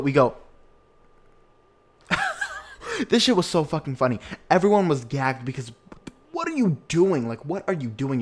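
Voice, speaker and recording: A young man hosting a casual podcast, chatty and campy, who slips into put-on voices to quote people. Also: on the high side. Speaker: podcast host.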